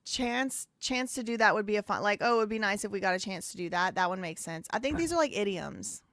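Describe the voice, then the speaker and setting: A woman's voice: medium pitch, animated, brisk, fairly bright tone, dry recording. A woman hosting a live stream, chatting casually, laughing and repeating phrases as she goes. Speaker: live show host.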